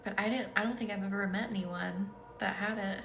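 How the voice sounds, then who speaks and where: A woman's voice: medium pitch, fairly even intonation, brisk, creaky, background noise. Sleepy, giggly woman in an echoey room. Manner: giggly, chatty, easily set off laughing. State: sleepy and tired. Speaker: energy healer hosting a live session. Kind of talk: casual live-stream chat reading comments.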